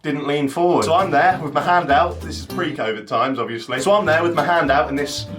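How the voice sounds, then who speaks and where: A man's voice: on the high side, a little fast, a bit bright, recorded from a distance. Cheeky sweary man, music behind. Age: 20s. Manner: cheeky, sweary, self-mocking. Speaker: YouTuber host. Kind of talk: casual storytelling vlog.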